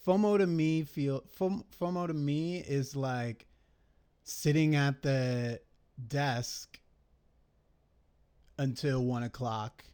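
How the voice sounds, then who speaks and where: Slow, rambling, cursing man. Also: mid-range voice, darkish tone, clear, resonant tone. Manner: rambling, profane, self-critical, thinking aloud. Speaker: day trader reviewing his trades. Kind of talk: casual screen-recorded trade recap.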